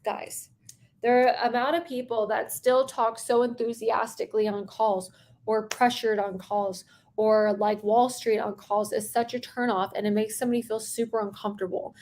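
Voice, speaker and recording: A young woman coaching on sales during a live stream, talking fast and chatty with lots of fillers. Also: on the high side, fairly even intonation, darkish tone.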